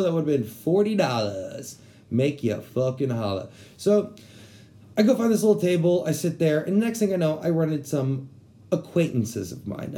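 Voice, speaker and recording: Young man from Texas, casual storyteller: mellow tone, lively and profane. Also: medium pitch. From San Antonio, Texas. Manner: animated, profane, slangy.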